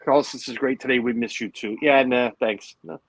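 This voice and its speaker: A man's voice: medium pitch, steady tone, fairly quick, dry recording, low-quality recording. A man hosting a casual livestream from home, chatting and rambling with lots of fillers. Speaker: livestream host. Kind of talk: casual chat.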